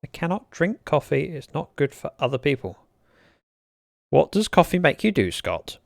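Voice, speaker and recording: Very animated and a little high, this young streamer's voice is creaky and moves at a moderate pace. He plays a block-building game, joking around, chatting with viewers and reading their messages aloud. The audio is clean studio sound with no room sound.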